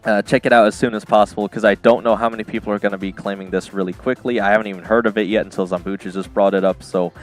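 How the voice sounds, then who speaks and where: A man's voice: lowish voice, fairly even intonation, very fast, few pauses, faint music behind. An American man chatting casually on a live stream, reading and answering chat by name and laughing often. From United States.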